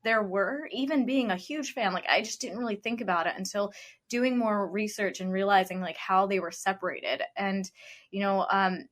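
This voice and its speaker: Woman co-host, mid-pitch, casual and chatty, leans on "like.". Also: moderate pace. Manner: says "like" often mid-sentence; chatty, enthusiastic. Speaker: podcast co-host. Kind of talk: casual chat.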